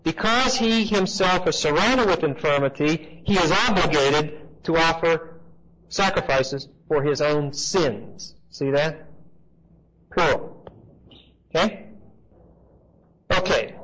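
Brief: male Bible teacher with a fairly high voice, chatty and emphatic, heard on a dull lo-fi tape. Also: lively intonation, slow pace, pauses often, a bit bright. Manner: conversational, emphatic, checks in with the class. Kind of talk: expository Bible teaching to a class. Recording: dull lo-fi recording with faint hiss.

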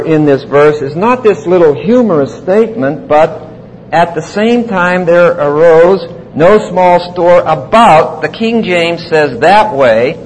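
A man teaching the Bible verse by verse in a deliberate, emphatic way. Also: a little high, a little mellow. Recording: long hall reverb.

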